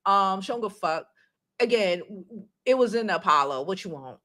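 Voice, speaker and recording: A woman with a Brooklyn accent hosting a casual live-stream chat, talking in an animated, blunt way and swearing freely. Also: mid-range voice, normal speed. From New York City. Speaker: vlog host.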